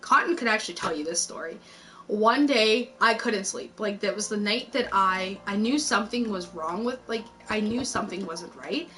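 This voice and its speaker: A woman's voice: mid-range voice, moderate pace, fairly bright tone, poor audio. A woman rambling through a personal story in casual chat, swearing freely and acting out what people said. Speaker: YouTube host.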